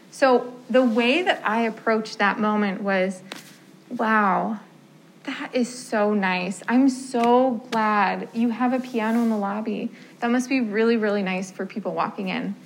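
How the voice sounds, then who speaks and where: A woman's voice: fairly high pitch, slight background noise, low-quality recording. Chatty storytelling woman music therapist. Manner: storytelling with quoted dialogue, frequent um and like. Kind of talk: informal talk to fellow music therapists.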